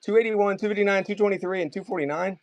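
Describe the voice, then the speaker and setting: A high-pitched man with a Maryland accent sells comics in a casual live stream, keeping a steady tone as he chats, rambles, and calls bids quickly. There is slight background noise.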